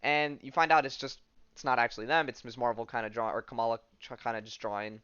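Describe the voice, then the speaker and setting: A man of mid pitch talks casually as a podcast host, wandering through a comic book recap with plenty of fillers. His voice is smooth and clear. The recording is dry, with a muffled, lo-fi edge. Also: steady tone, fast talker, fairly bright tone, no echo. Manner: rambling, loose delivery full of fillers.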